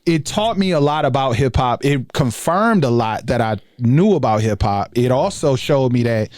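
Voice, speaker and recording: A man, talking in a relaxed, casual way as a guest on a podcast interview. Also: mid-range voice, moderate pace, no echo, clean studio sound. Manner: relaxed, conversational, many fillers. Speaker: guest, education researcher.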